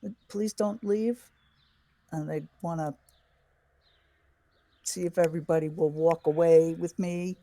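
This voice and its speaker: Slow, dark-voiced hesitant player. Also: mid-range voice, fairly even intonation, no echo. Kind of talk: tabletop game play. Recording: dry recording with faint music behind.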